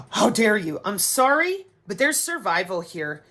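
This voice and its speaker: Bright-voiced, profane ranting woman. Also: mid-range voice, unhurried. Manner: profane, sarcastic, animated, slips into mocking voices. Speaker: vlogger. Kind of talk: ranting monologue to camera.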